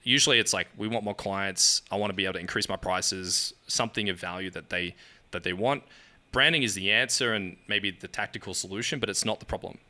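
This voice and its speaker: Animated man, bright voice. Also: lowish voice, fairly quick. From Australia. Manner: animated storyteller acting out dialogue, laughing often. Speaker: guest, agency founder. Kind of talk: casual podcast storytelling.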